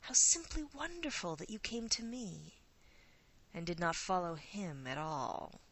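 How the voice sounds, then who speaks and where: 一位女性演绎的古老掠食女妖，假扮伯爵夫人，声音偏低、明亮，语速缓慢，低语般诱惑地哄劝。. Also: female voice, lowish voice, lively intonation, measured pace, fairly bright tone, husky, heavily acted, rough recording. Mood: seductive. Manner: purring, seductive, coaxing. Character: ancient predatory female creature posing as a countess.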